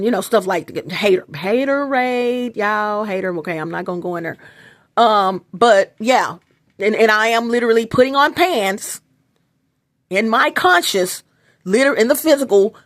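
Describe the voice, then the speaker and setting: A woman's voice: mid-range voice, no room sound, clean studio sound. A woman vlogging to her phone in a loose, rambling monologue, emphatic and profane, with many restarts and asides.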